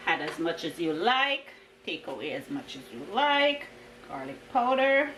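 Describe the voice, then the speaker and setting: A woman's voice: low-pitched, sing-song, moderate pace, pushed and bright, a little hiss or hum. A woman vlogging from her home kitchen, chatting cheerfully to her viewers as she walks through a cooking demonstration. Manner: chatty and upbeat, talks to viewers while cooking. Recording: echoey kitchen with clattering pots and dishes.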